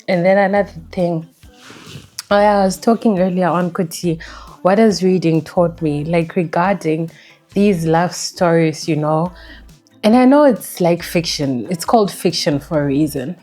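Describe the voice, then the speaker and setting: A young woman from Zimbabwe, talking candidly and reflectively in a personal vlog chat, with halting restarts. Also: fairly low pitch, mellow. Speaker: book vlogger.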